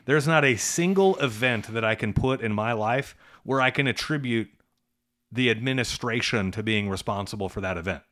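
A man's voice: mid-range voice, moderate pace, a bit bright. Emphatic middle-aged male podcast host. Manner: conversational, emphatic, rhetorical "right?" tags. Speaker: podcast co-host, trades business coach. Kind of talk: casual podcast chat.

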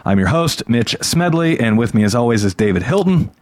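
A man's voice: medium pitch, lively intonation, a little fast, no room sound. A man hosting a podcast, joking and laughing often in casual banter. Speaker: podcast host. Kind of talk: casual chat.

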